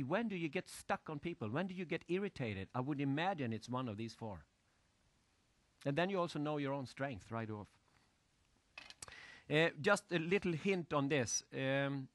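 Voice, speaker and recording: A man lecturing an audience with lively storytelling, asking questions and using loose, broken grammar. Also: medium pitch, dry recording. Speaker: motivational speaker.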